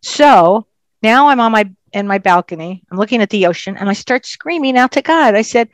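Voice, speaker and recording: A woman, a psychic medium, telling her story in a casual interview with an animated, emphatic manner. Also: on the high side, normal speed, dry recording.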